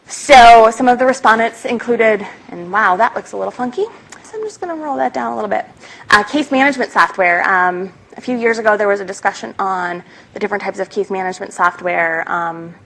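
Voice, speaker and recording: A woman's voice: medium pitch, fairly bright tone, low-quality recording. A woman with a Minnesotan accent giving a chatty conference talk, with frequent ums. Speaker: conference panelist. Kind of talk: conference presentation.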